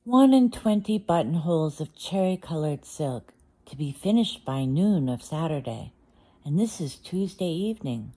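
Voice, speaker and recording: A woman's voice: low-pitched, expressive, moderate pace, mellow. A woman voicing a poor old male tailor who mumbles and frets anxiously. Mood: fretful. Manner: mumbling, lamenting.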